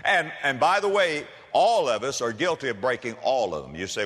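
A man's voice: medium pitch, lively intonation, normal speed, hardly any pauses, a bit bright. A man preaching a sermon in a folksy storytelling manner, with humor, addressing listeners as friends. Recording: reverberant hall.

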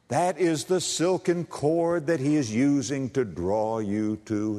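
A man preaching a sermon and reading scripture, swinging between loud high emphasis and low, quiet, drawn-out words. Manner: reads scripture aloud, drawn-out stressed words. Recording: long hall reverb.

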